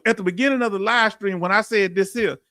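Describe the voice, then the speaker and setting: A man with a Texan accent hosting a live stream, emphatic and animated, reading out chat comments and laughing often. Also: high-pitched, fast, no room sound, studio quality. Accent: Texan English. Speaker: veteran live-stream host.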